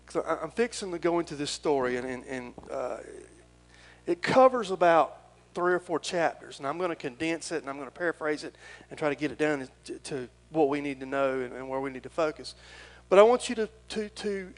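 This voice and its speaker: A man's voice: on the high side, low-quality recording. A middle-aged man, preaching a folksy, rambling and earnest sermon as pastor.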